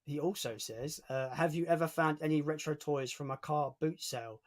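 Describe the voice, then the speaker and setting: A man's voice: fairly high pitch, normal speed. A young man hosting a livestream in casual chat, reading out viewer comments as he talks. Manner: chatty, reads out viewer comments. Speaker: livestream host.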